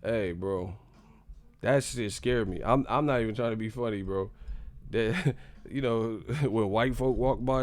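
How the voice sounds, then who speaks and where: A young adult man hosting a boxing live stream, ranting in an animated, profane, rambling way. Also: medium pitch, a little slow, no echo. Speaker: boxing channel host.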